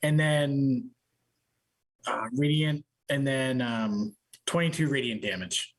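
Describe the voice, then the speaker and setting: A man playing a tabletop game, thinking aloud as he describes attacks and adds up his dice. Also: mid-range voice. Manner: slow, thinking aloud while tallying rolls. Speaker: player.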